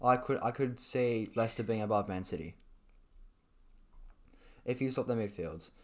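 A young man chatting casually about football, rambling with lots of fillers and restarts, his throat dry and often cleared. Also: lowish voice, normal speed. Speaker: football podcast co-host. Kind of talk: casual chat.

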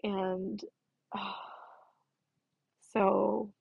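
A woman's voice: medium pitch, flat delivery, extremely slow, vocal fry, darkish tone, breathy edge, no echo, highs cut off. A woman in her thirties talking through a personal reflection, earnest and self-affirming, stressing her words by repeating them. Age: 30s. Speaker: podcast host.

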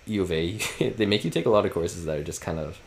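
A man's voice: sits low, fast talker, slight background noise. A man in his twenties co-hosting a casual podcast, rambling with lots of fillers. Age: 20s. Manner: rambling, heavy use of "like". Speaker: podcast co-host. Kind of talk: casual chat.

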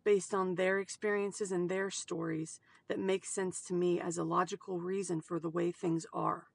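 A woman talks through an emotional personal monologue in a halting way, breaking into sudden outbursts and dropping to soft whispers. Her voice has a gravelly edge. The sound is dry, with no room echo. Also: fairly low pitch, level tone. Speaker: mother sharing personal experience.

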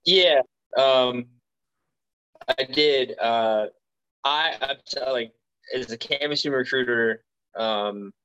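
A man's voice: medium pitch, takes it slowly, long pauses, a bit bright, clean tone, muffled recording. A man from Alabama in his thirties, a Marine recruiter telling his story in a casual interview, rambling with lots of fillers and restarts. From Alabama, USA.

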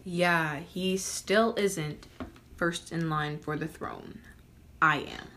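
A woman's voice: fairly low pitch, fairly even intonation, takes it slowly, fairly bright tone, a little hiss or hum. A woman playing a sulky, whiny teenage male prince in a comedic skit, talking sarcastically and with exasperation, addressing viewers like a vlogger. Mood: sarcastic.

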